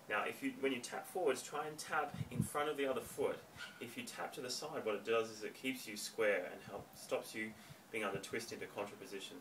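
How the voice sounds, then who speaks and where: A man teaching a home dance lesson, counting beats and giving clear step-by-step instructions. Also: lowish voice, fairly bright tone. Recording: distant mic, faint room noise.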